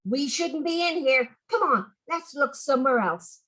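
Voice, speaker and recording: A woman's voice: sits high, animated, unhurried, fairly bright tone. A woman doing a sensible, bossy young girl. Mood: worried. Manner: scolding, anxious.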